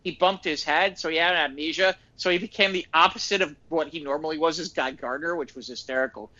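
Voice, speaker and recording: Animated, high-voiced man telling stories. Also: fairly quick, lo-fi sound. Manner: animated storyteller acting out quotes. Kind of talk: casual chat.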